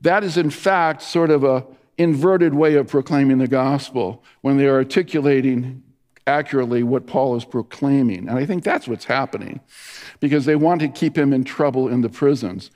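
A man's voice: medium pitch, normal speed, a little mellow. A middle-aged male pastor giving a sermon, telling stories with many restarts and fillers. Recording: long reverb of a large hall.

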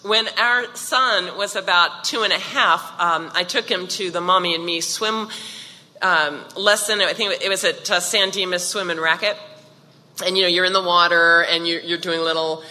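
A devotional speaker with a lowish, bright, forceful voice talks at a moderate pace with fairly even intonation, her sound filling a big room. She's chatty and joking, peppering her talk with "you know" asides to listeners.

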